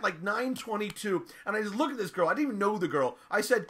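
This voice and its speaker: A middle-aged man telling a raunchy story in an animated, profane way, laughing often. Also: high-pitched, fast talker, hardly any pauses, husky.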